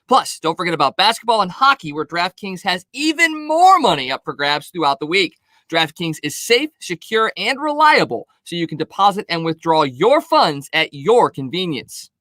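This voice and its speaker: A man with a high, bright voice that swoops up and down, co-hosting a podcast. He sounds animated and upbeat. The recording is dry and close. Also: dry recording. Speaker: podcast co-host. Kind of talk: casual podcast chat and read ad.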